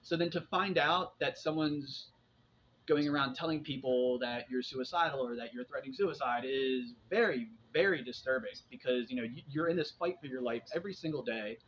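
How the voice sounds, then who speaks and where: In a dull lo-fi recording with faint background noise, a forties vlogger recounts personal experience in a meandering monologue, often starting sentences over and using fillers. He has a medium-pitched, fairly bright voice at a moderate pace.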